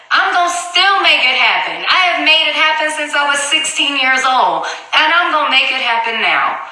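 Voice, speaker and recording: A woman's voice: sits high, bright, forceful tone. A woman giving a heated personal account in an interview, speaking bluntly and profanely and firing off rhetorical questions. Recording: very echoey room.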